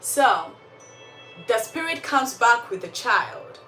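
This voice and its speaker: Slow, bright-voiced woman storyteller. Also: fairly high pitch, soft background music. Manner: animated asides, deliberate and emphatic. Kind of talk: casual storytelling with religious commentary. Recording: echoey room, slightly far from mic, faint background noise.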